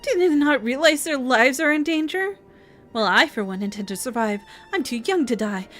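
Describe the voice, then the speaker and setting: A woman's voice: sits high, lively intonation, normal speed, fairly bright tone, voice pushed up. A woman voicing an anxious, indignant young villager in a fantasy game, speaking in an agitated, fretful way.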